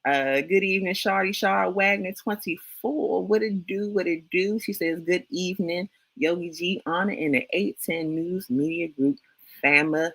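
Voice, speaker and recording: A man's voice: sits high, normal speed, gravelly, fairly bright tone, no room sound, rough recording. A man from Washington, D.C., with a local accent, co-hosting a casual livestream talk show and greeting viewers in the chat with slang.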